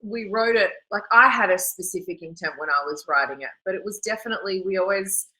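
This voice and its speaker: A woman's voice: mid-range voice, fast, bright, forceful tone, rough recording. A woman, a singer, chatting in an interview, gushing and rambling with lots of restarts. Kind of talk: casual interview chat.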